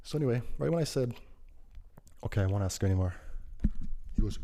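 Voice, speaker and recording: A man's voice: lowish voice, moderate pace, long pauses, over a noisy crowd. A young man telling a rambling casual story full of slang, acting out what people said. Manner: rambling, slangy, acts out quoted lines.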